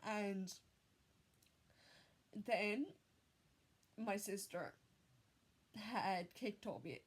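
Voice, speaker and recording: A young woman telling a personal story in an unedited vlog, candid and full of swearing, with halting restarts. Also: mid-range voice. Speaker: vlogger.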